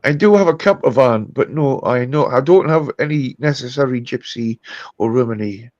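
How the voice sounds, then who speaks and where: A man's voice: mid-range voice, lively intonation, moderate pace, a little mellow, no room sound, muffled recording. A Scottish man streaming live, chatting casually, laughing and swearing, calling people mate. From Scotland. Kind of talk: casual livestream chat.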